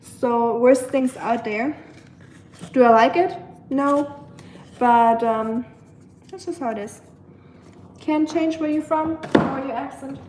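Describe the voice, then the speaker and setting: A woman's voice: high-pitched, takes it slowly, pauses often, slight background noise. Chatty German woman in an echoey kitchen. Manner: chatty, talks back to viewers, searches for words. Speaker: livestreamer. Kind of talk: casual livestream chat while cooking. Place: home kitchen. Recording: echoey kitchen with clattering dishes.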